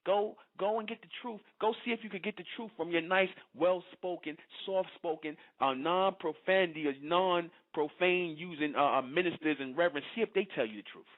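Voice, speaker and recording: A man's voice: sits high, normal speed, few pauses. A man, delivering a preachy, confrontational monologue to his followers and asking again and again whether they understand. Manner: confrontational, repeats "you understand?". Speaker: online speaker addressing followers. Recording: phone-like lo-fi audio.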